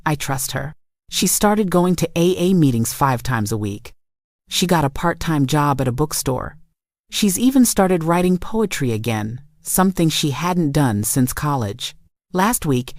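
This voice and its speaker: A woman with a low voice narrates a first-person family story in steady, reflective scripted narration. The recording is dry and close, with no room sound. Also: no echo.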